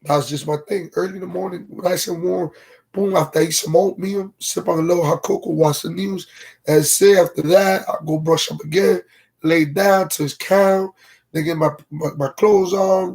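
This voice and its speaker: A man spins a long, rambling story on a casual livestream. His voice sits high and sounds a little husky. He talks loosely in slang and keeps asking his audience whether they follow him. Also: steady tone, normal speed, a little mellow. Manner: greets viewers from live comments mid-story.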